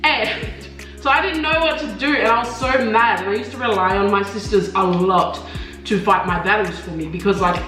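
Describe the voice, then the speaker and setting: A young woman co-hosting a mukbang tells a story in a casual chat at normal speed, animated and laughing often, acting out quoted voices in a high pitch. She's off-mic and distant in an echoey room, with faint music playing.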